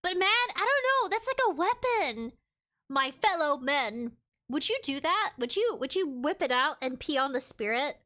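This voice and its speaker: High, lively giggly woman streamer. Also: normal speed. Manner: giggly, reads chat aloud, playful. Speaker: live streamer. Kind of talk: casual live-stream chat.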